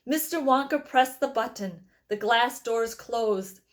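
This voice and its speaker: A woman reading a children's novel aloud with expressive storytelling. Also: a little high, takes it slowly. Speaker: reader.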